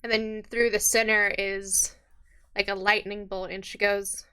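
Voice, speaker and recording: A woman runs a tabletop game, describing scenes in a loose, chatty way. Her voice is bright and crisp, with plenty of "kinda" and "uh" as she goes. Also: medium pitch, little pitch movement, a little slow. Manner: casual, filler-heavy narration. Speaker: game master.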